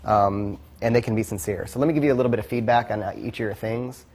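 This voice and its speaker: A man giving blunt, quick coaching feedback to a class, swearing freely. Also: on the low side, steady tone, a little mellow. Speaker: pickup coach.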